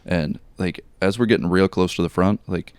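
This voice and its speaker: A man's voice: low-pitched, steady tone, moderate pace, darkish tone, clean tone, no room sound. A young man co-hosting a podcast, telling a story in casual chat, rambling with many fillers and swears. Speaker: podcast co-host.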